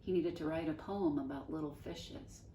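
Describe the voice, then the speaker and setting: A woman teacher reading a children's novel aloud in an expressive storybook manner. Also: low voice, moderate pace, slight background noise. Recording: roomy sound from a distance.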